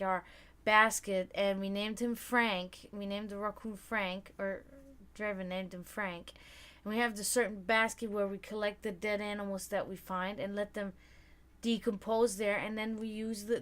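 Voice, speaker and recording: A woman hosting a livestream, telling rambling, profane stories in casual chat. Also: mid-range voice. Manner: rambling, profane, animated storytelling. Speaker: livestream host.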